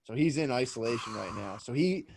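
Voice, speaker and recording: A man's voice: medium pitch, lively intonation, fairly quick, creaky, darkish tone, a little hiss or hum. A man in his thirties co-hosting a podcast, telling rambling, profane stories with sudden acted-out outbursts. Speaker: podcast co-host. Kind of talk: casual chat.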